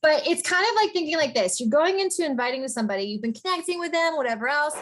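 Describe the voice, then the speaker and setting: A woman coaching business owners in a casual, energetic motivational talk, chatty and emphatic. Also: sits high, fast. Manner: energetic, chatty, often asks "right?".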